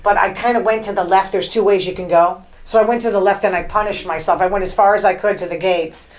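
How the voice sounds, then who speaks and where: A woman's voice: mid-range voice, fairly even intonation, fast talker, low-quality recording. Chatty woman hosting a casual monologue. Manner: chatty, rambling storytelling with many fillers. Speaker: podcast host.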